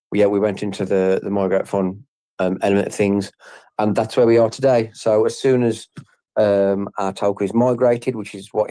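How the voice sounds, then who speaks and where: A man's voice: low-pitched, warm tone, no echo. A man on a group audio call explaining his team's game plans, with frequent fillers and restarts. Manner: hesitant, many fillers and restarts. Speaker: game project team member. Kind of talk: casual group audio chat.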